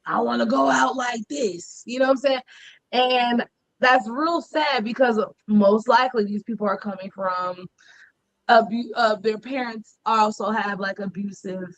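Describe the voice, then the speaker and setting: A woman's voice: on the high side, steady tone, unhurried, poor audio. Blunt, profane woman ranting. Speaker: podcast co-host. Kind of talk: casual gossip chat.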